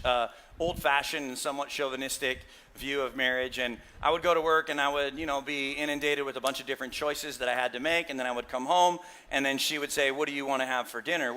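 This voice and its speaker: A middle-aged male pastor gives a casual, conversational sermon in a fairly high-pitched voice that's pushed and bright with a clean tone. He tells candid, self-deprecating stories and checks in with the congregation through asides like "right?".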